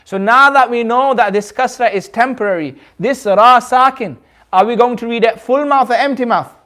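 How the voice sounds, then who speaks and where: A man with a notably high voice leads a recitation class in a community centre. He explains each rule slowly and patiently, repeats himself, and checks understanding with questions to the room. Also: sharp tone. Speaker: Quran recitation teacher. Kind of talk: classroom teaching.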